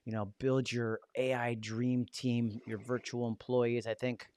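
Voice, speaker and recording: A man's voice: medium pitch, flat delivery, unhurried, darkish tone, smooth, no room sound. Upbeat male host with Rochester accent. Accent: Rochester, New York. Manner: upbeat, asks questions, repeats words. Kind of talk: casual interview hosting.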